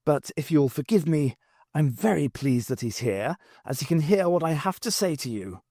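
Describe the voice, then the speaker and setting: A man voicing a calm, courteous male doctor speaking with diplomatic care, in a novel reading. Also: fairly high pitch, normal speed, breathy edge, no echo, studio quality.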